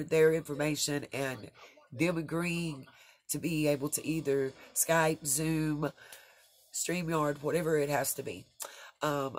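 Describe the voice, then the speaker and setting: A woman vlogger talking straight to her viewers in an earnest, rambling way, with many fillers and restarts. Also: low-pitched. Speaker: true crime vlogger. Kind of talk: casual commentary to viewers.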